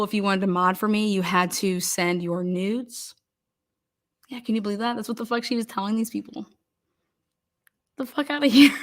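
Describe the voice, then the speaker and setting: A woman's voice: on the low side, fairly bright tone. A woman hosting a live stream panel, telling an indignant, profane story and breaking into laughter. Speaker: livestream panel host.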